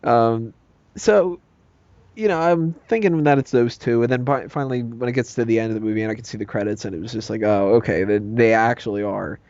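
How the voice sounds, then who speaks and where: Man, casual podcast chat, jokey, mellow voice, muffled audio. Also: mid-range voice, a little fast, no room sound. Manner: animated, jokey, quotes lines in put-on voices. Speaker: podcast co-host. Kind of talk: casual movie review chat.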